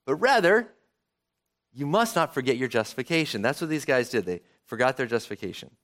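A man's voice: medium pitch, fairly quick. A man preaching a sermon as pastor, often asking the congregation and kids questions. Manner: animated, asks the congregation questions.

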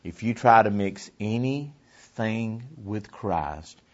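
A man preaching a sermon to a congregation, swinging between forceful emphasis and hushed near-whispers, repeating his phrases. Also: lowish voice, lively intonation, takes it slowly, dull audio. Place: church before a congregation.

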